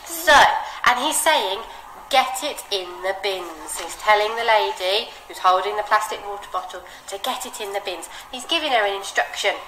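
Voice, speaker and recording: A woman teaching reading, guiding a child through a phonics book with encouraging, expressive read-aloud. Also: medium pitch, moderate pace, hardly any pauses. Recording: roomy echo with steady background noise.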